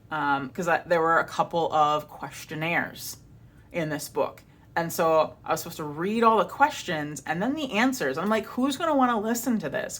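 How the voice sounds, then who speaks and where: Animated chatty young woman vlogger. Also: lowish voice. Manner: chatty and animated, many "like"s, acts out her own reactions. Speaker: vlogger and audiobook narrator. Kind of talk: casual chat to camera.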